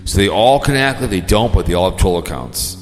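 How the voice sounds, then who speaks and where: Deep-voiced man rambling scornfully. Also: expressive, fairly quick, in a large hall, soft background music. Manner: rambling, scornful, peppered with "right?". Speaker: podcast host. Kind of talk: rambling casual monologue.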